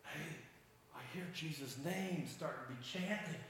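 A man's voice: a little high, unhurried, a bit bright, far from the mic. A man voicing an eager, zealous male disciple who longs to overthrow foreign rule, in his own everyday voice. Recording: echoey room.

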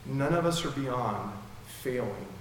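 A man preaching a sermon emphatically, with sudden swings between loud and soft, while his mouth keeps going dry. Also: medium pitch, lively intonation, unhurried, slight background noise. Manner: emphatic, with dramatic swings in loudness. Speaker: pastor. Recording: echoey hall with long reverb.

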